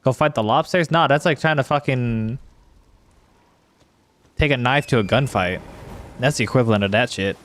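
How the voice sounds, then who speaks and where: A man's voice: mid-range voice, normal speed, pauses often, a bit bright, a little hiss or hum. A male streamer chatting casually while playing, rambling and swearing as he talks to his chat.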